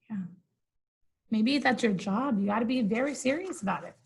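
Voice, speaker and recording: A woman's voice: fairly high pitch, lively intonation, moderate pace, gravelly, long pauses, a little mellow, breathy edge, poor audio. A woman reading a picture book aloud, breaking in with casual, amused asides to her listeners. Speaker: storybook reader.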